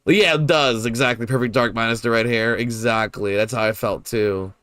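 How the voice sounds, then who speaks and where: A man's voice: medium pitch, fairly quick, a bit bright, clean tone, dry recording, studio quality. A young man giving casual, rambling commentary while he streams a game, swearing freely and laughing often.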